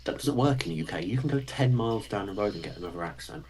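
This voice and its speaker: A man's voice: lowish voice, animated, quick pace, darkish tone, slight background noise, poor audio. Dry-witted English man, received pronunciation. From England. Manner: dry, teasing humor. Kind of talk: casual chat.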